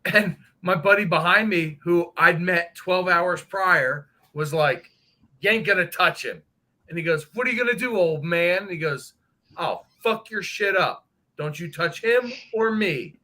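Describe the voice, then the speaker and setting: Male guest, high bright voice, crude rowdy raconteur for a casual stream. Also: unhurried, low-quality recording. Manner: profane, animated storyteller. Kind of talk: casual chat.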